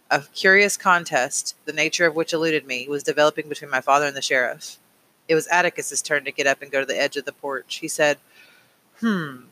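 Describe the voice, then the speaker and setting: A man narrating a novel aloud in a measured, plain storytelling manner. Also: a little high, pushed and bright, low-quality recording. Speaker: audiobook reader. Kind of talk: audiobook narration.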